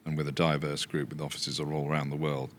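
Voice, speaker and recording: A very deep male voice with a posh English accent. He tells stories in a relaxed, anecdotal way, laughing often and swearing freely. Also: brisk, slight background noise. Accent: posh English, not typical Yorkshire. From England. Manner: storytelling with frequent laughter and swearing. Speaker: podcast guest, business founder. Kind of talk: casual anecdotal chat.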